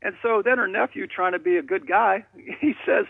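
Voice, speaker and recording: A man's voice: sits high, normal speed, gravelly, dry recording. A man calling in to a radio show, telling rambling, jokey stories over a phone line. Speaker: caller.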